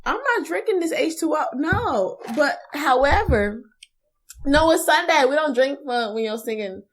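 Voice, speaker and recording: A young woman co-hosting a casual chat show, talking in an animated way and acting out little voices as she tells stories. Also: high-pitched, normal speed, slight background noise. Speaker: co-host.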